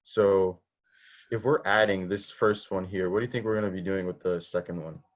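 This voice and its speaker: A man's voice: low voice, fairly even intonation, moderate pace, slight background noise. A man teaching a robotics class online, explaining step by step, asking students questions and often restarting his sentences. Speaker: robotics instructor. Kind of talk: online coding lesson.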